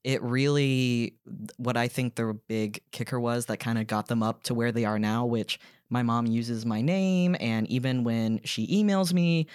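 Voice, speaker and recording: A young trans woman talking candidly as a podcast guest, turning animated when she retells exchanges. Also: very deep voice, a little slow, clear, resonant tone, dry recording, studio quality. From American South. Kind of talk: casual podcast conversation.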